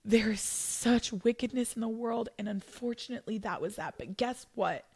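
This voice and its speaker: Earnest woman with a gravelly edge. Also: fairly high pitch, a little mellow. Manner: earnest, emotional, quick bursts of affirmation. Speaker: podcast co-host. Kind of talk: candid faith podcast conversation.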